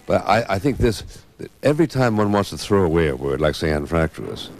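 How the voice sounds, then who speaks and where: A man in a panel discussion on language who speaks in a measured, erudite way with frequent hesitations. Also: sits low, sing-song, a little hiss or hum. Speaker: panel guest.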